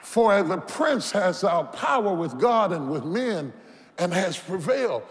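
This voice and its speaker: A man preaching a sermon as a bishop, impassioned, building to shouts and having the congregation repeat phrases after him. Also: high voice, sing-song, unhurried. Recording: reverberant hall with faint background noise.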